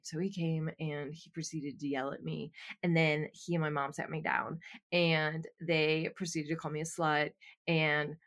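A young adult woman co-hosting a podcast, telling a story from her teens in a candid, animated way with some swearing. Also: low-pitched, moderate pace. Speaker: podcast co-host. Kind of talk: casual chat, storytelling.

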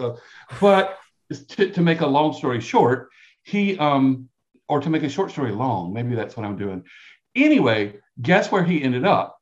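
A middle-aged man from South Carolina with a Lowcountry brogue, telling stories as a podcast guest in a chatty, rambling way that keeps correcting itself. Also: sing-song, moderate pace, dull audio. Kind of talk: casual storytelling.

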